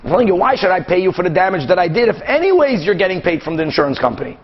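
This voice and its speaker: High-voiced animated rabbi teaching Talmud. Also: male voice, dull audio. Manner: animated, acts out both sides of cases with quick back-and-forth. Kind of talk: Talmud class lecture.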